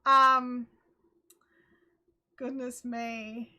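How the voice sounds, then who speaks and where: A woman with an Australian accent hosting a live craft chat, chatty and quick to laugh as she answers viewer comments. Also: on the high side, little pitch movement, pushed and bright. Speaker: host.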